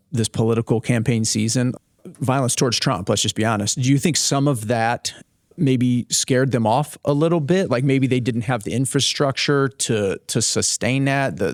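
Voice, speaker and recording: A man's voice: medium pitch, no echo, clean studio sound. A man co-hosting a casual talk show, easygoing, asking questions with a few restarts. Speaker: podcast co-host. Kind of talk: casual chat.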